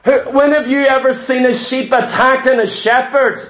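A man preaching a sermon, emphatic, firing rhetorical questions and slowing down on key words. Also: very high voice, level tone, a bit bright. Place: church.

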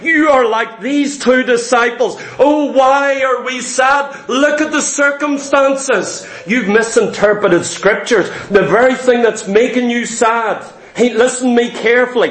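A man's voice: very high voice, a bit bright. A man preaching a sermon, emphatic and repetitive, acting out the complaints of doubters in quoted asides. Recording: echoey room.

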